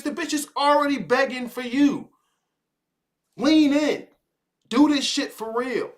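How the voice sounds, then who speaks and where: A man hosting a live show, talking in a blunt, profane, casual monologue and mocking people with quick impressions. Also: extremely high pitch, expressive. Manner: blunt, swearing, mocking, mimics others in quick asides. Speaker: host of a live spirituality advice show.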